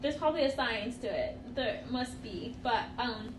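A woman's voice: on the high side, animated, moderate pace, echoey room, slight background noise, rough recording. A woman co-hosting a casual chat, telling a story with lots of giggling. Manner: giggly, storytelling, frequent laughter. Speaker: podcast co-host.

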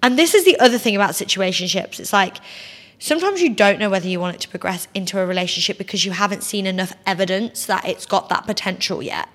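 A woman's voice: medium pitch, fast talker. Chatty woman in a reverberant room. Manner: chatty, heavy use of "like", animated quoting. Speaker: podcast host. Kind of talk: casual personal storytelling. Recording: long hall reverb.

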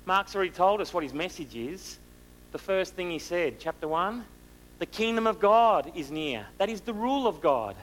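A man preaching a sermon, asking the listeners rhetorical questions and moving between loud and hushed delivery. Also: sits high, lively intonation, moderate pace, a little hiss or hum, low-quality recording.

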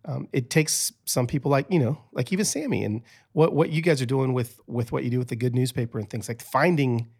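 A man who is a podcast guest, telling stories in a chatty, animated way with many restarts. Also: medium pitch, fairly quick, vocal fry. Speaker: podcast guest, author and speaker. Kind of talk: casual storytelling interview.

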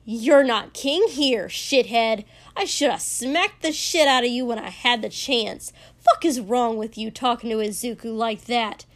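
Woman doing a loud scolding old lady from a storybook, high-pitched and slow. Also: natural voice. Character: fierce scolding older village woman.

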